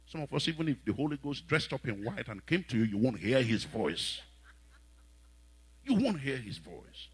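Lively Nigerian man preaching. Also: medium pitch, moderate pace, slightly rough, no echo, rough recording. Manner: storytelling with sudden loud exhortations. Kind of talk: sermon.

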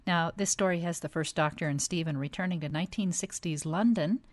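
A woman with a notably low voice speaks as a forum moderator, enthusiastic and articulate in casual review chat. The recording is dry and close. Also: fairly quick, dry recording.

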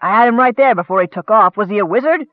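A man's voice: sits high, fast talker, dry recording, lightly acted. A man reading a sheepish young soldier. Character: apologetic male soldier, eager to report. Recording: dry, tinny phone-like sound.

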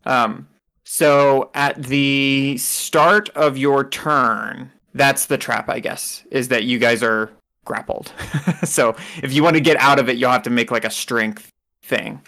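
A man's voice: medium pitch, fairly even intonation, slow, sharp tone. A man narrating as game master in a casual, rambling way, laughing often.

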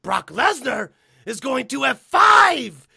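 A man playing a scheming wrestling manager, hushed then roaring. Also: extremely high pitch, very animated, slow pace, vocal fry, slightly rough, no room sound, voice pushed up, exaggerated voice. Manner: drops to a hush then builds to a roar. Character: scheming male wrestling manager, dramatic advocate.

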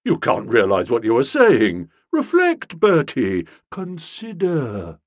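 A brash, talkative young man, as a male reader puts him on, hearty and emphatic with a wildly lively lilt, in the manner of a storybook reading. The voice is somewhat husky and the recording dry and close. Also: mid-range voice, takes it slowly, dry recording, exaggerated voice. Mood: exuberant.

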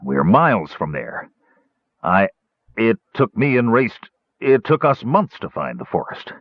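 A man voicing a big, burly, bitter warrior who speaks in a gruff, heavy way. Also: lowish voice, big pitch swings, unhurried, no room sound, dull audio. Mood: disbelieving.

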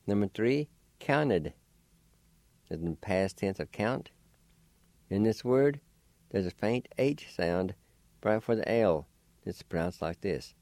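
A man's voice: fairly low pitch, lively intonation, takes it slowly, pauses often, mellow, dry recording. A man hosting a radio language lesson, patiently spelling and repeating words syllable by syllable.

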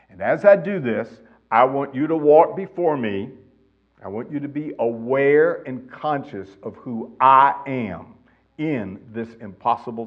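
A male pastor with a medium-pitched voice, heard through dull audio, gives expository Bible teaching verse by verse. He reads each passage aloud with emphasis and then explains it.

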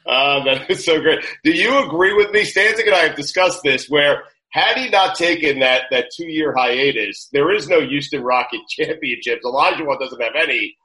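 A man's voice: on the high side, moderate pace, few pauses, sharp tone. A man hosting a podcast interview, chatting casually and eagerly asking questions. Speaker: podcast host. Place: small studio room. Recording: roomy echo.

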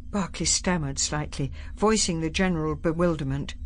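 A woman reads a novel aloud with a lively, expressive delivery in a fairly low voice. A faint hiss of noise sits under the recording. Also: normal speed. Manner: expressive, varied reading. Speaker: narrator. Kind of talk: audiobook narration.

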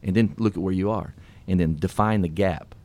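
A middle-aged man hosting a radio show, telling his story in an earnest, animated, folksy way. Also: low voice, a little fast. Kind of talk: casual storytelling and motivational talk.

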